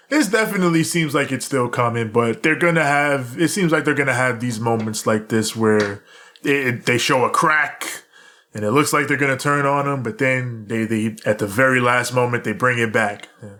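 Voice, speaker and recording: A man's voice: medium pitch, moderate pace, bright, forceful tone. A man co-hosting a casual wrestling podcast, laughing often and retelling scenes with quoted lines. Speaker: co-host recapping wrestling.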